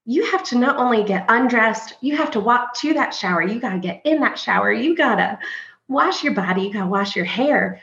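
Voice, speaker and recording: A woman's voice: a little high, expressive, brisk, gravelly, a bit bright. A woman hospice nurse explaining a condition in a podcast conversation, earnest and full of everyday stories, sometimes voicing what patients think. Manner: earnest, anecdotal, acts out patients' thoughts. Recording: echoey room, slightly dull sound.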